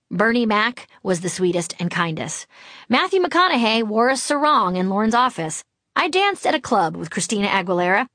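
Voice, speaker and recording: A woman's voice: mid-range voice, a bit bright, no echo. Woman narrating her own memoir; dry, wry, self-mocking delivery in a dead studio. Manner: wry, self-deprecating storytelling.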